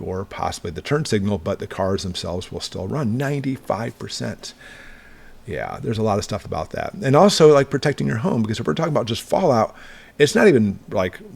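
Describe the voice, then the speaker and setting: A man's voice: lowish voice, gravelly, a little mellow. A middle-aged man hosting a prepping channel, walking through gear in a casual, plain-spoken, reassuring way. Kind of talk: casual product walkthrough.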